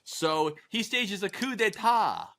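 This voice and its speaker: A man's voice: high-pitched, sing-song, slow pace, pushed and bright. A man co-hosting a casual history podcast, telling the story with jokey, profane asides and acted quotes. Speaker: podcast co-host.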